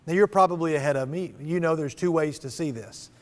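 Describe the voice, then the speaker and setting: A man giving a sermon to students, animated and dramatic when he reads scripture aloud. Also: on the high side, a little fast. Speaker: speaker at a student event. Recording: long reverb of a large hall.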